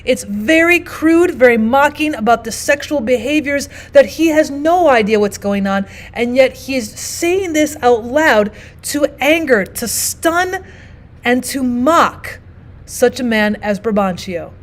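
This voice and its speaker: A woman teacher who narrates a recorded literature lesson in a steady, explanatory way. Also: sits high, a little slow. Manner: explanatory, steady, often starts with "now" and "so".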